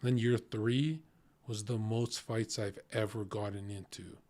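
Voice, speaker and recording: A man's voice: lowish voice, unhurried. A man streaming, telling a story casually in a blunt, profane way. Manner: profane, blunt, animated retelling.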